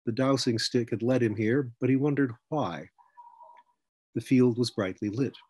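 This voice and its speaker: A man narrating an audiobook in a steady storytelling manner. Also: mid-range voice, breathy edge. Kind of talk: scripted narration.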